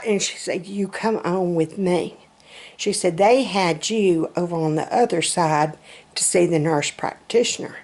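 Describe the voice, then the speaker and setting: A woman's voice: fairly low pitch, unhurried, a little mellow. A middle-aged woman, chatting in a self-mocking, storytelling way. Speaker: vlogger. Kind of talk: casual chat.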